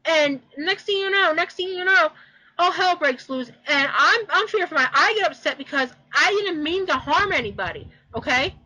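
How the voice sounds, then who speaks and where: Casting: young woman, high bright voice, loose rambling storyteller, swears. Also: animated, moderate pace, low-quality recording. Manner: rambling, repeats herself, swears. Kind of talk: casual personal story.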